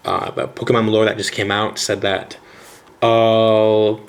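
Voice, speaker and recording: A man's voice: fairly low pitch, flat delivery, a little slow, gravelly. A man vlogging in a casual, rambling storytelling style while unboxing cards, chatty with lots of fillers and laughter. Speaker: vlogger and teacher.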